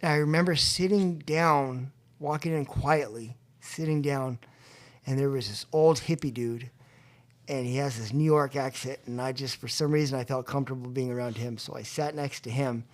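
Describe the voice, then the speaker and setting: A man's voice: mid-range voice, steady tone, normal speed. A young man as a podcast guest telling his recovery story, acting out the voices of people in it and laughing often. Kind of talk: storytelling about addiction recovery. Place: convention venue.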